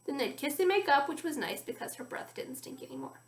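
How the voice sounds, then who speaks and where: A woman reading a children's chapter book aloud in a friendly, expressive storytelling way. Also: sits high, fairly quick, echoey room. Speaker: story reader.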